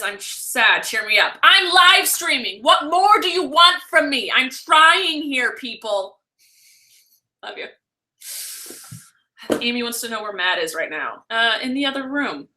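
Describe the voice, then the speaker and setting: A woman's voice: mid-range voice, sharp tone. A young woman hosting a casual live stream, rambling and chatty as she answers viewers and corrects herself as she goes. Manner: chatty and rambling, heavy use of "like", quick self-corrections.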